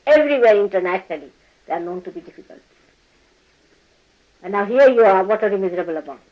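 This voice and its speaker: A woman addresses her followers as their spiritual teacher in a loose, unscripted talk. Her voice sits mid-range but swings widely in pitch. She teases and scolds them with ready laughter and slips into quoted voices. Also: quick pace, highs cut off. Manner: animated, teasing, scolding with laughter.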